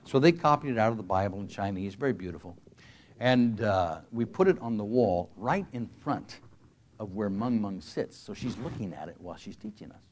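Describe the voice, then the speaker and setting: Older man, low voice, emphatic sermon. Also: expressive, moderate pace, darkish tone, a little hiss or hum. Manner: earnest, emphatic, with frequent restarts. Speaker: retired pastor. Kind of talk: sermon storytelling.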